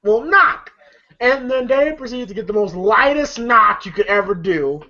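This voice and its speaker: A man's voice: high-pitched, animated, moderate pace, pushed and bright, highs cut off. A man hosting a casual film review chat, retelling scenes in a rambling way full of fillers. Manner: rambling, lots of fillers and laughter. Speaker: podcast host, film reviewer.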